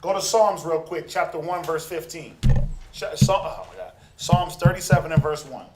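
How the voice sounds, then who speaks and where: A man leads a scripture class in a high, animated voice, bouncing questions to his group and slipping into the voices of the people he quotes. The room is echoey and reverberant. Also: normal speed, background noise. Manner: animated, acts out quoted people, calls for responses. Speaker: Bible class teacher.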